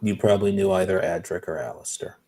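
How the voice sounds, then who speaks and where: A woman putting on a deep, cool voice for a character named Alice. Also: fast, over music. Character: character Alice, a guarded adult cyborg.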